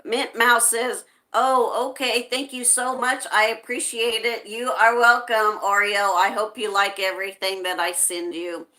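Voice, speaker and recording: This US livestream host has a fairly high, level, sharp-toned voice. She takes her time, chatting easily, reading comments from her viewers out loud and laughing frequently as she goes.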